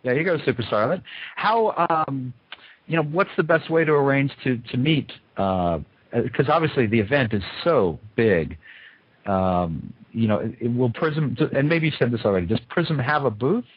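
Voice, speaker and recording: A man's voice: mid-range voice, animated, normal speed, slightly rough, no echo. A man hosting a podcast interview, talking casually with lots of hesitant fillers and a playful, teasing manner. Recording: muffled dry lo-fi audio.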